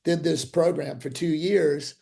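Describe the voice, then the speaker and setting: An older dentist tells stories animatedly in a video-call interview, acting out quoted voices and restarting often. His voice is a little high and unhurried, with vocal fry.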